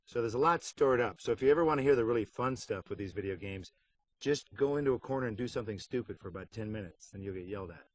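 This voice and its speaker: A man's voice: fairly low pitch, animated, fast talker, a little hiss or hum. A middle-aged man in a casual behind-the-scenes interview, talking wryly and joking about voice work. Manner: wry, joking, puts on silly voices for anecdotes. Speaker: voice actor interviewed about a game.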